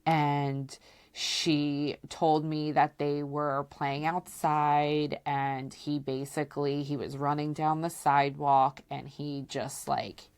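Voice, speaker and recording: A woman with a low voice tells candid personal stories on her podcast. She speaks slowly and loosely, with plenty of "like" and "you know" filling her sentences. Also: clean tone. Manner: chatty, peppered with "like" and "you know"; relaxed and candid, acts out quoted voices. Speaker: podcast host. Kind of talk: casual personal storytelling.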